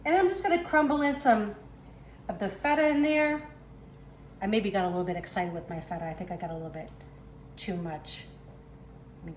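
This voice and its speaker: Chatty Boston woman in an echoey kitchen. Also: a little high. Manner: chatty, talks while working, self-deprecating asides. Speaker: home cook, channel host. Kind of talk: casual cooking demonstration. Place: home kitchen. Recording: echoey kitchen with faint background noise.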